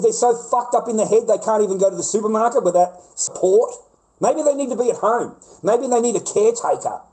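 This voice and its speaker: A man's voice: high voice, a little mellow, rough recording. A middle-aged Australian man ranting profanely on a livestream. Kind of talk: livestream rant.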